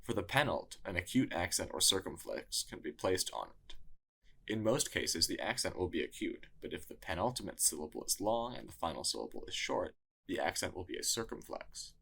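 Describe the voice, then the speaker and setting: A man narrating a scripted lesson in a measured, explanatory way. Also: low-pitched, big pitch swings, vocal fry, pushed and bright, husky. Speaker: tutor.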